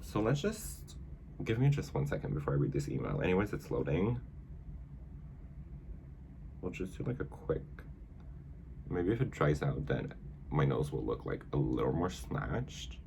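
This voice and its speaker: A man talks through a makeup tutorial in a low voice that rises and falls a lot. He rambles casually, leans on "like", and trips over words when reading. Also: sing-song, normal speed, vocal fry, long pauses, darkish tone, slight background noise. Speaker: makeup vlogger.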